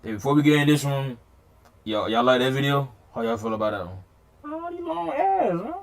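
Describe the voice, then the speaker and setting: A man's voice: mid-range voice, fast talker. A young man hosting a reaction video, chatting casually with his viewers and laughing often. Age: young adult. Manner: laid-back, talks to viewers, laughs often. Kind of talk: casual chat.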